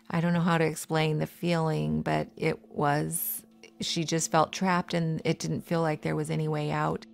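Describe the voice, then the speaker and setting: A woman being interviewed, recalling a frightening night in a halting way and repeating her phrases. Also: sits low, level tone, vocal fry, soft background music. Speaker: interviewee, relative of the victim. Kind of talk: emotional recollection.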